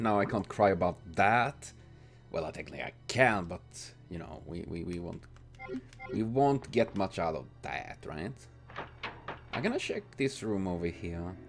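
A man's voice: deep voice, expressive, moderate pace, faint music behind. Exasperated swearing man playing a game. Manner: exasperated, swears constantly, bursts into loud outbursts. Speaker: gaming channel host. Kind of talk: let's play commentary.

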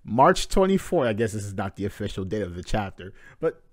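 A man hosting a live manga reading reaction, narrating panels with excited swearing and casual talk. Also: on the low side, fast, no room sound, studio quality.

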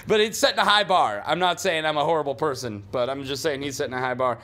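A man's voice: fairly high pitch, fast talker, fairly bright tone. Rambling casual podcast host, a man. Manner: loose and rambling, many fillers and restarts. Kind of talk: casual chat. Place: basement studio.

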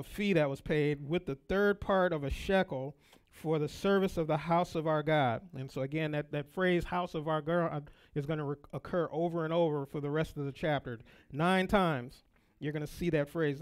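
A man's voice: a little high, clear, resonant tone. A middle-aged man teaching a Sunday school Bible lesson in church, rambling with folksy asides and repeated words.

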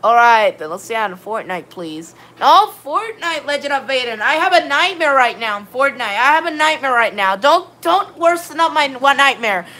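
A woman's voice: sits high, sing-song, moderate pace, hardly any pauses, pushed and bright. A woman live-streaming a game, chatting to her viewers in a rambling way and greeting them by name. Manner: rambling, repeats "all right, then" and "of course". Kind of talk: casual live-stream chat while gaming.

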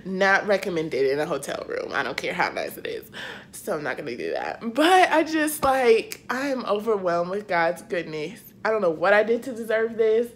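Lively, gushing young woman vlogging. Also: medium pitch, moderate pace, a little hiss or hum. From Akron, Ohio. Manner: gushing, tearful and laughing, talks to viewers as y'all. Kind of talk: emotional vlog chat. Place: hotel room.

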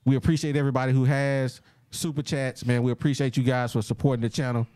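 A man's voice: medium pitch, flat delivery, fast, background noise. A man hosting a casual sports podcast, laughing often and tacking "man" onto every line. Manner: laughing, loose, says "man" constantly. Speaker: podcast host. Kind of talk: casual late-night sports podcast banter.

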